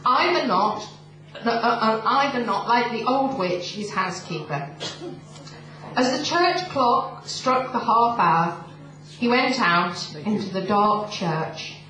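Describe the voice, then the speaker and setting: A woman telling stories live to an audience, slow and deliberate with frequent ums, in a large echoey hall with a distant mic. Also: mid-range voice, a bit bright, a little hiss or hum. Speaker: storyteller.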